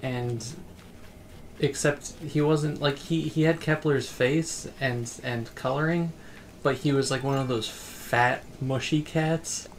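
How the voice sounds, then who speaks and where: A man's voice: mid-range voice, steady tone, takes it slowly, slight background noise. A man streaming a game casually, rambling as he plays and reading chat messages aloud.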